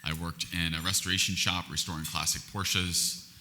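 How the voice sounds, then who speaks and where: Deep, bright-voiced man reflecting. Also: flat delivery, normal speed, a little hiss or hum. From Florida, US. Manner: earnest, reflective, with frequent restarts. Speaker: guest speaker, company CEO. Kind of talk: conversational interview answers.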